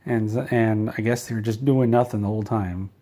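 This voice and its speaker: Low-voiced rambling man, dry and offhand. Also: fairly even intonation, brisk, dark tone. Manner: meandering, self-interrupting, dry. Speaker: comedy channel host. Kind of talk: rambling comedic retelling.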